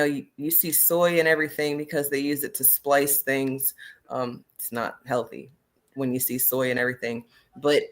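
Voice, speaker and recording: A woman's voice: low-pitched, fairly bright tone. A woman who hosts and teaches, talking emphatically in a casual livestream discussion and speaking straight to her viewers. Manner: emphatic, addresses viewers directly. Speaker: host and teacher.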